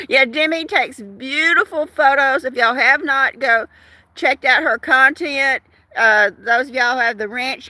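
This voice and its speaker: Outdoors in the evening, an older woman chats on a casual live stream, reading viewer comments aloud with frequent fillers and laughs. She is warm-hearted and chatty, with a fairly high voice on a dry recording.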